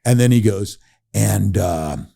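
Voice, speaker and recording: A middle-aged man telling a story as a podcast guest, animated and laughing, acting out the people he quotes. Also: fairly low pitch, slow, creaky. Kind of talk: casual storytelling.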